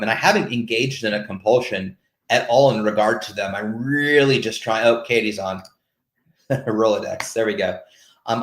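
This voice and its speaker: Candid man with a low, roomy voice. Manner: open, searching, stops and restarts often. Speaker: host of a peer support call. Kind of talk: candid casual talk. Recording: roomy echo.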